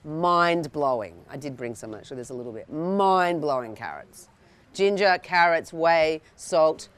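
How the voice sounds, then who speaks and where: Brief: woman instructor, slightly low voice, chatty live teaching, keeps asking "yeah?". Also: lively intonation, fairly quick. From Australia. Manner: chatty, checks in with "yeah?", frequent restarts. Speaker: cooking workshop instructor. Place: indoor workshop room with an audience.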